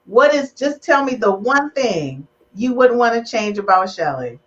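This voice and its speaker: A woman's voice: on the high side, expressive, measured pace, highs cut off. A woman hosting a live relationship podcast, teasing her guests and getting emotional. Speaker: podcast host.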